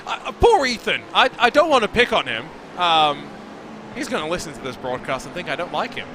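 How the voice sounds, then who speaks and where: A man's voice: on the high side, brisk. A man commentating a sim racing broadcast, joking with his co-host as he calls the action. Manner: lively, joking banter with co-host. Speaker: race commentator. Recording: background race car noise.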